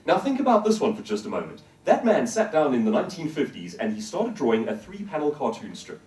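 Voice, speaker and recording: A male professional speaker delivers a motivational talk with a lively, swooping delivery and an emphatic manner. His voice is mellow and dark-toned. The sound carries the echo of a roomy hall, picked up from some distance away from the mic. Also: a little high, fast talker. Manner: expressive, emphatic, asks the audience questions. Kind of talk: motivational talk to a live audience.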